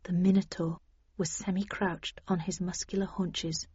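A woman giving a steady scripted audiobook narration in the first person. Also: lowish voice, unhurried, husky, no echo. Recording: dull lo-fi dry recording.

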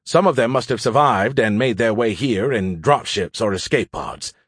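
A man's voice: fairly low pitch, lively intonation, moderate pace, breathy edge, no room sound, clean studio sound. A man narrating an audiobook in the first person, with a blunt, sardonic manner.

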